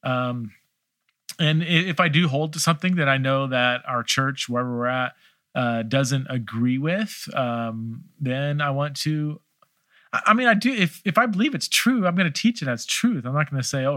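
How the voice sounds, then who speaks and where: Middle-aged guy answering listener questions, bright tone, dry close mic, lots of ums and restarts. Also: medium pitch, normal speed, no echo. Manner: thoughtful, hesitant, many restarts and fillers. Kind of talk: casual theological Q&A.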